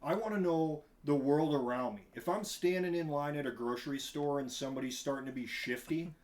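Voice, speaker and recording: A man in his thirties, a podcast guest, chatting casually in a rambling, animated way and laughing often. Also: on the high side, a little fast. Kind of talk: casual chat.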